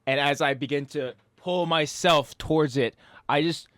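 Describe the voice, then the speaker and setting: Man, tabletop game player, hesitant, halting, dry close sound. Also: on the high side, a bit bright, no room sound.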